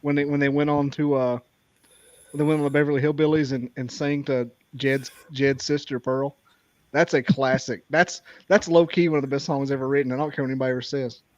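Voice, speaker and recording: A man's voice: mid-range voice, level tone, fairly quick, dry recording, muffled recording. A man co-hosting a casual podcast chat, rambling and ranting playfully.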